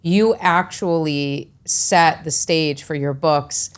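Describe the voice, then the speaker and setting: A woman's voice: low voice, slow, smooth. A woman hosting a podcast interview, chatty and encouraging, casually blunt in her wording. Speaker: podcast host.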